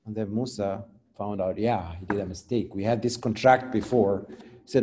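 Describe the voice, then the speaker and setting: A man preaching a sermon and telling a story animatedly, dropping from loud to quiet, with non-native phrasing. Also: fairly low pitch, steady tone, moderate pace. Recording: long hall reverb.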